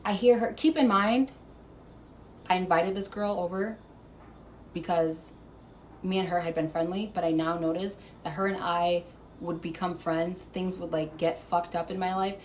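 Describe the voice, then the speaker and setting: A woman vlogger telling a story to camera, animated and profane, laughing as she goes. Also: fairly low pitch, normal speed, a little hiss or hum. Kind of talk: casual storytime monologue.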